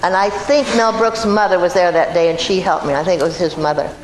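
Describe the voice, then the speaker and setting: A woman's voice: lowish voice, fairly even intonation, fairly quick. An older woman from Iowa, a guest actress telling chatty, self-amused stories to a live audience. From Iowa, USA. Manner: chatty, self-amused anecdotes with frequent laughs. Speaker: guest actress at a film event. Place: large hall before an audience. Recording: echoey hall with loud noise.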